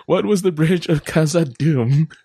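A man's voice: fairly high pitch, unhurried, warm tone, slightly rough, no echo. A man co-hosting a podcast, reading quiz questions aloud in a casual, playful way and laughing often. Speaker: podcast co-host.

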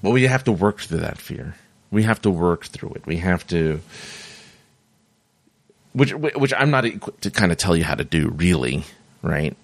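A man's voice: deep voice, animated, moderate pace, creaky, pauses often, no echo. A middle-aged man casually telling personal stories, rambling and restarting his sentences and laughing at himself, with the hiccups. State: has the hiccups. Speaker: vlogger sharing personal stories. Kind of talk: casual monologue.

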